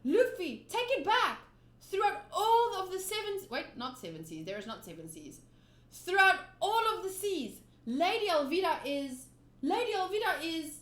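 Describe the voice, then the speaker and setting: A woman's voice: lowish voice, lively intonation, fairly quick, few pauses, pitched below the performer's own voice, natural voice. A woman reading a manga aloud and voicing a timid young male cabin boy, earnest and pleading. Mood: defiant. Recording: roomy echo.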